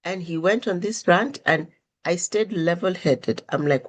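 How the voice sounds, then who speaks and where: Unhurried and fairly low-pitched, this woman hosts a podcast, spinning conversational stories in a monologue. She animatedly performs the quoted dialogue, her intonation shifting with each voice.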